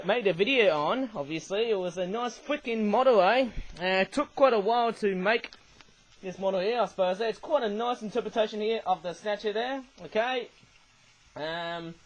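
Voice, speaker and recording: A man's voice: high-pitched, fairly bright tone, poor audio. A man giving a rambling, casual toy review, often tagging his sentences with "eh?".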